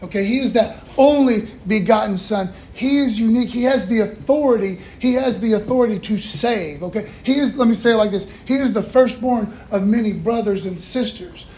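High-voiced folksy preacher in an echoey church. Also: male voice, fairly quick, hardly any pauses, a little mellow. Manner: preachy call-and-response, folksy asides. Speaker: pastor. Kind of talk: sermon. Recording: echoey room, faint room noise.

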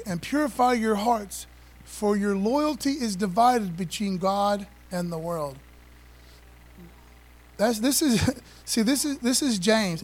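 High-voiced man preaching a lively sermon. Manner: conversational, emphatic preaching with rhetorical questions. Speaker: pastor.

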